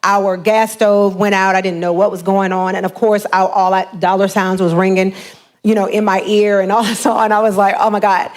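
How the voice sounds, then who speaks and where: A woman gives a lively motivational seminar talk about buying a home, frequently acting out the voices of people she quotes. She speaks at normal speed in a medium pitch.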